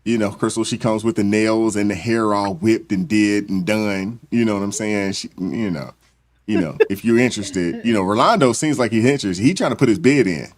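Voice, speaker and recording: A man's voice: lowish voice, a little fast. A man hosting a casual livestream chat, laid-back and peppering his talk with "man" and "you know". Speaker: livestream host.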